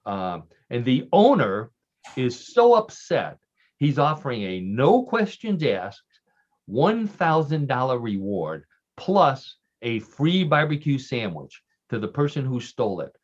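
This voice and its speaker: Over dull lo-fi radio sound, a man with a very animated, medium-pitched voice speaks at a measured pace. A regular guest on the show, he tells offbeat stories chattily, with many fillers and restarts, laughing along with his own jokes.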